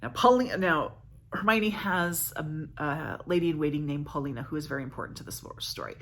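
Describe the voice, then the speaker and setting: A woman's voice: low voice, very animated, brisk, fairly bright tone. A woman vlogger casually summarizing a plot, chatty and correcting herself as she goes. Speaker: book vlogger.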